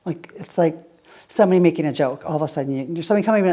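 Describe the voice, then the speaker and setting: Low-voiced woman teaching a class. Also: racing, dark tone. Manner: conversational, explains with rhetorical questions and everyday examples. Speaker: essential oils teacher. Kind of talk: casual teaching Q&A with students. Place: group class with students.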